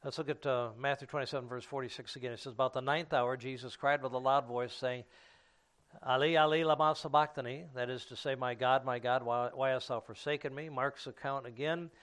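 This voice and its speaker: A man preaching a sermon, teaching from scripture in an unhurried way with frequent fillers and restarts. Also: medium pitch, steady tone, a bit bright.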